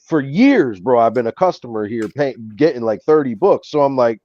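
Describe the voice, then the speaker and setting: A man with a New York accent tells a story in casual chat and acts out everyone's lines. His voice is mellow and warm, recorded dry and a little dull, like a lo-fi stream. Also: fairly high pitch, a little fast, few pauses, no room sound. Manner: animated storytelling, acts out quoted people. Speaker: co-host. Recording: dull lo-fi sound.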